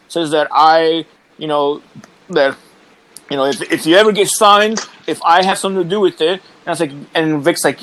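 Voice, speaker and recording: Animated high-voiced man telling stories. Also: slight background noise, low-quality recording. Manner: animated, profane, acts out quotes. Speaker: podcast co-host, former wrestler. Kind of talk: casual storytelling chat.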